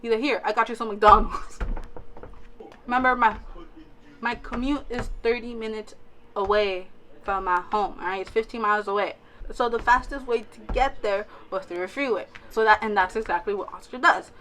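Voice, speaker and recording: Bright-voiced young woman telling a story. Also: mid-range voice, moderate pace. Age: young adult. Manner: animated, acts out quotes of herself and friends; fillers and restarts, frequent "all right?" asides. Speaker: vlogger. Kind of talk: casual storytime.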